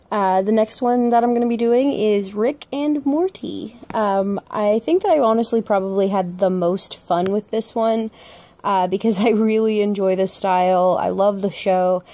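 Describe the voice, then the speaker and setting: A young woman hosts her art video in a chatty, upbeat voice-over, often breaking into small laughs. Her tone is mellow and relaxed, recorded close in a dry space. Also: mid-range voice, no echo. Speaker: vlog host, artist. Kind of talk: casual voice-over commentary.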